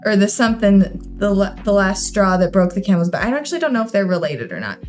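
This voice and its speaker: A woman's voice: mid-range voice, very animated, fast, faint music behind. A young woman co-hosting a livestream in casual chat, playfully teasing and explaining old sayings. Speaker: co-host of livestream.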